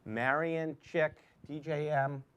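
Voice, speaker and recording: A man's voice: a little high, steady tone, slow pace, smooth, dull audio. A man hosting a live trivia game, upbeat and chatty as he reads questions and the leaderboard. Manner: upbeat, chatty, stumbles over names. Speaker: trivia host.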